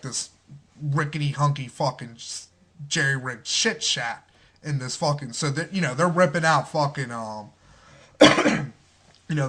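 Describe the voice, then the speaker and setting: A man's voice: fairly high pitch, fairly bright tone. A man casually reviewing a movie in a rambling, profane way, full of fillers and restarts.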